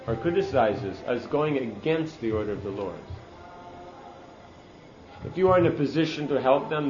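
A man delivers a scripture lecture in an earnest, emphatic teaching voice of middle pitch. The sound is roomy and a little muffled. Music plays clearly behind him. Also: a little mellow. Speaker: speaker giving a scripture class. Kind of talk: sermon on scripture.

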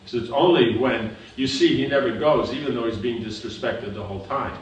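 A man's voice: mid-range voice, brisk, distant mic, muffled recording. A man teaching a scripture class, explaining patiently and often checking that his listeners understand. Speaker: spiritual teacher. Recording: echoey room recorded from afar with background noise.

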